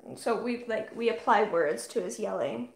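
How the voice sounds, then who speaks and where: A woman's voice: mid-range voice, animated, moderate pace, gravelly. A woman hosting a painting livestream, chatting casually and playfully with viewers. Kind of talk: casual chat while painting. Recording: roomy echo.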